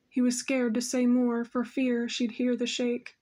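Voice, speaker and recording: A woman narrating an audiobook with a steady, even storytelling manner. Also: a little high, a little slow.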